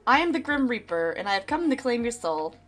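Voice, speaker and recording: A woman's voice: fairly high pitch, sing-song, brisk, a bit bright, pitched above the performer's own voice. A woman reading aloud the lines of a haughty male Grim Reaper in a game, in stiff, formal diction. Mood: smug. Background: faint game music.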